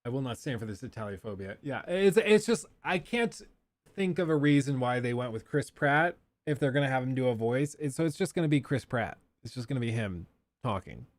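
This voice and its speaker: A man hosting a casual livestream, chatting and answering viewer questions aloud with quick asides. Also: medium pitch, lively intonation, no echo. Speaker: livestream host.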